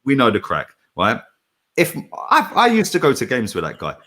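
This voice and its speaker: Brash, animated man. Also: medium pitch, normal speed. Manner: brash, swearing, animated with slang. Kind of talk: casual chat.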